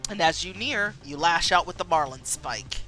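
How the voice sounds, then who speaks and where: A woman streamer narrates a story game out loud, her voice bright and lively. Faint music sits behind her. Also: fairly low pitch, poor audio. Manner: animated, quick reading with voices. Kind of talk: reading a story game aloud.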